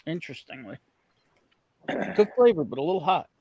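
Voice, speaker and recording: A man's voice: fairly high pitch, sing-song, moderate pace, warm tone, a little hiss or hum. A man on a casual whiskey stream, chatty and enthusiastic as he describes what he is drinking. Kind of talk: casual chat on a live stream.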